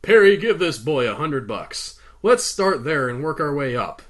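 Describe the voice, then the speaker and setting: A man voicing a self-absorbed male TV reporter, speaking low and smug in a storybook reading. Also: big pitch swings, a little slow, a bit bright, exaggerated voice.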